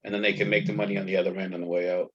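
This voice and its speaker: A man's voice: low-pitched, little pitch movement, very fast, fairly bright tone, breathy edge. A man on a training call, explaining things in a matter-of-fact way from his own experience. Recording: dull, lo-fi call audio.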